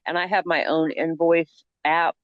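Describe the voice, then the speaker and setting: A woman's voice: low voice, fairly even intonation, unhurried, lo-fi sound. A woman who runs a small business, answering questions on a call in a hesitant, casual way. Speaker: small business owner, client.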